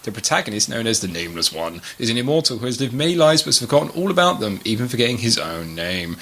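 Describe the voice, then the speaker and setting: A man hosting a casual podcast, reading quickly and stumbling over words. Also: mid-range voice, big pitch swings, fairly bright tone. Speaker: podcast host.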